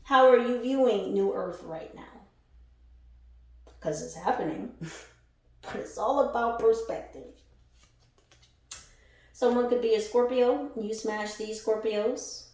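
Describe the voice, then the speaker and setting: A woman's voice: fairly high pitch, takes it slowly, pauses often, darkish tone. A woman giving a casual spiritual reading to her followers, blunt and profane, often laughing as she talks. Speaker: spiritual tarot reader. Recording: echoey room, far from the mic.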